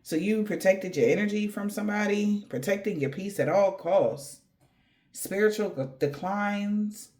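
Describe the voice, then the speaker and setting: A woman's voice: mid-range voice, unhurried, a little mellow. A woman giving a casual tarot reading, rambling in slangy talk addressed straight to the viewer. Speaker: tarot reader.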